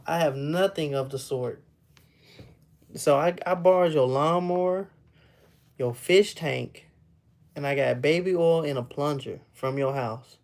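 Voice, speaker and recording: A young man with a rather high-pitched voice, chatting casually with viewers on a livestream and laughing often. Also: darkish tone. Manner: laughs often, loose and playful, teases chat. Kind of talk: casual live chat.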